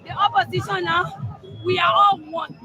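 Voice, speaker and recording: A woman's voice: very high voice, fairly even intonation, normal speed. A woman interviewed on the street, speaking in a fervent, prayerful way that rises into calling out. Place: outdoors on a busy street. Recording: outdoor crowd and traffic noise.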